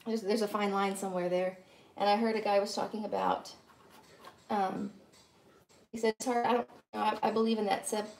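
Rambling woman with vocal fry. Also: medium pitch, slight background noise. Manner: rambling, chatty, addresses viewers directly. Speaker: painting instructor streaming live. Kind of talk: casual live-stream chat while painting.

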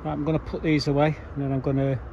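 A man's voice: on the high side, level tone, racing, gravelly, mellow, lo-fi sound. Chatty man at his allotment. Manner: chatty, rambling, dry grumbling asides. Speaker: allotment vlogger. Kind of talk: casual chat to camera. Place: outdoor allotment garden. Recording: faint background noise outdoors. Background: faint outdoor ambience.

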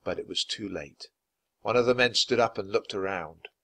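A man reading a children's storybook aloud for English learners in a clear, steady, measured way. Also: fairly low pitch. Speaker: storybook reader.

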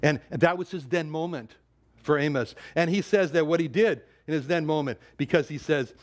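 A man's voice: fairly high pitch, a little fast. A man preaching a sermon, emphatic, repeating words and quoting scripture in older English.

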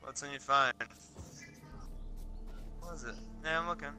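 A man's voice: fairly high pitch, normal speed, bright, forceful tone, faint music behind. Crude laid-back young man. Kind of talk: casual banter while gaming.

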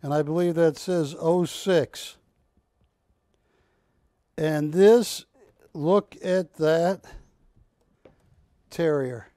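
A man hosting a live shopping show, selling with joking, drawn-out salesman patter. He speaks slowly and in a fairly high voice. The sound is dry and close. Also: mellow, no room sound. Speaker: shopping channel host. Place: TV studio.

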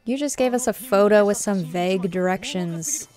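A woman's voice: mid-range voice, expressive, normal speed, a little mellow, faint music behind, close to an everyday voice. A woman voicing an earnest, defensive young nobleman explorer from a game, reading his lines aloud. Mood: indignant. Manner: pleading then indignant.

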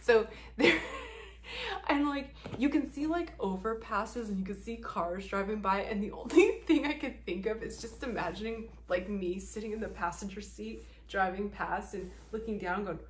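A woman talking straight to camera in casual reaction commentary. She is sarcastic and foul-mouthed and laughs often, with a mid-pitched voice. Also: expressive, moderate pace, slight background noise. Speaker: commentary vlogger.

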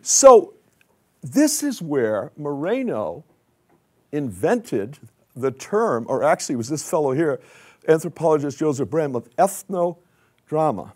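A man's voice: on the high side, very animated, a little slow. An older man giving a conversational conference lecture with slides, asking the audience questions. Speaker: conference speaker.

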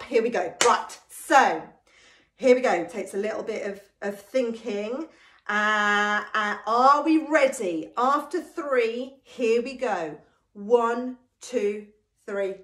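High-voiced English woman leading a sing-along. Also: takes it slowly. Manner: energetic, encouraging, chanting and singing. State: out of breath. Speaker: teacher leading a class energiser. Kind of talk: lively sing-along warm-up. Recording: echoey room.

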